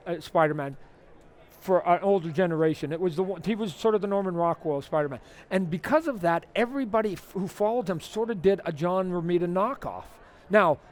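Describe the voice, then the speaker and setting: A man guest at a convention interview, talking with energy and acting out the people in his stories. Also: sits high. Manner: energetic, animated, acts out quoted exchanges. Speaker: interview guest, comic artist. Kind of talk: animated storytelling interview. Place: toy fair convention floor.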